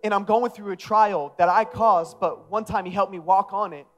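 A male preacher acting out an impulsive, eager fisherman apostle who speaks with excited, rushing, rising loudness. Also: high-pitched, faint music behind, close to an everyday voice.

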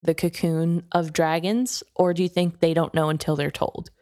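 Curious woman with a lowish voice. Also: little pitch movement, moderate pace, mellow, dry recording, studio quality. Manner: curious, asks questions, playful. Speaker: book podcast co-host. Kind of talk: casual chat.

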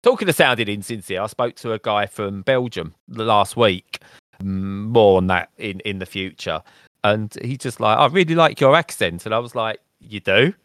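A man with a lowish voice co-hosts a casual gaming podcast. He jokes in a dry, self-mocking way, and the sound is close and dry, with no room around it. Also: normal speed, a bit bright, clear, resonant tone, no room sound. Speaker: podcast co-host.

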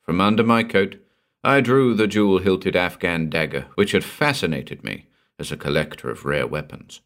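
Deep-voiced male audiobook narrator. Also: normal speed, a bit bright. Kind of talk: scripted story narration.

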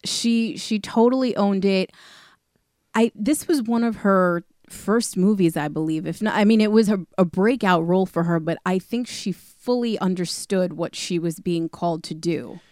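A woman's voice: medium pitch, normal speed, darkish tone, dry recording, clean studio sound. A woman from the New York area co-hosting a podcast, talking about a movie in an enthusiastic, conversational way. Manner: enthusiastic, conversational, fillers like "like" and "you know". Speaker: podcast co-host. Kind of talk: casual movie discussion.

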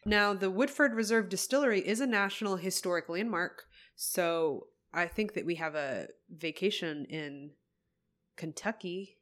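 A woman's voice: fairly low pitch, a little slow, a bit bright. A woman co-hosting a casual chat while tasting whiskey, talking through facts with chatty asides. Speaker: podcast co-host.

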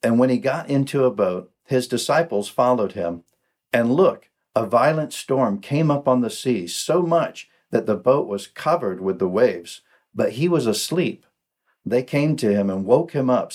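A man hosting a podcast, giving a slow, measured scripture reading. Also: medium pitch, expressive, a little mellow. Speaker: podcast host.

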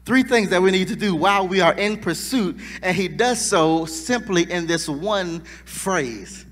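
A man's voice: high voice, a little slow, fairly bright tone. A man preaching a sermon in a church, fervent and building in intensity with call-and-response. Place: church sanctuary. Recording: long church reverb.

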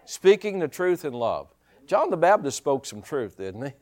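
A male pastor delivers a sermon with lots of rhetorical questions and chuckling asides. His voice sits a bit high and swings widely in pitch. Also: sing-song, unhurried, darkish tone.

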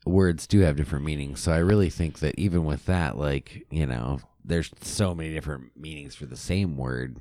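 A man's voice: rumbling low, normal speed, hardly any pauses, mellow, no echo, clean studio sound. A man co-hosting a podcast, joking and laughing often in casual chat. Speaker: podcast co-host.

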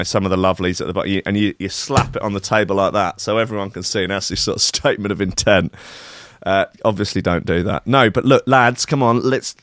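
A man's voice: lowish voice, no echo, clean studio sound. A man hosting a radio show with cheeky, mocking comic chat. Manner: cheeky, mocking, hurried with asides.

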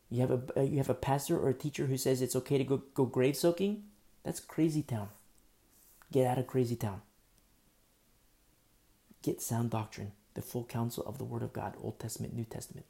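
A man preaching a sermon as pastor, emphatic and repetitive, swinging between loud bursts and hushed asides. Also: mid-range voice, gravelly. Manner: repetitive, with frequent fillers.

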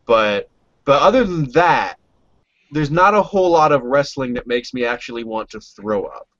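A man's voice: medium pitch, expressive, normal speed, fairly bright tone. A man co-hosting a casual wrestling chat, rambling and swearing freely. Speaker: podcast co-host. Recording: dull lo-fi audio.

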